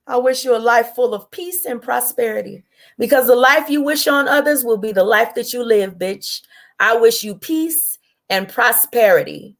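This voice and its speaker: A livestream host, a woman whose voice is a little high and a bit bright, launches an angry rant at a rival. The delivery is profane and combative, slow and drawn out at times, then hurried.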